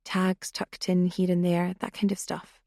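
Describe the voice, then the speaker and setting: A woman voicing a blunt, wry young woman who talks briskly and matter-of-factly. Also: fairly low pitch, monotone, vocal fry, dark tone, no room sound, studio quality.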